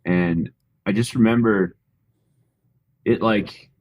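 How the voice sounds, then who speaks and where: Low-voiced Canadian man telling stories. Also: slow pace, highs cut off. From rural Alberta, Canada. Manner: relaxed, modest, with frequent fillers. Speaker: guest. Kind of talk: casual interview storytelling.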